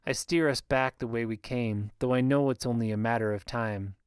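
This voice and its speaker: A man narrating a first-person fantasy audiobook in a steady, measured reading, recorded close on a studio mic. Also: medium pitch, clear, resonant tone, no echo.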